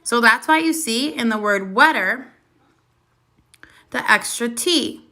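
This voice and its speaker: A woman's voice: a little high, animated, slow, bright, forceful tone. A woman teaching a first grade lesson on video, who asks the children questions, waits, and then confirms the answers patiently.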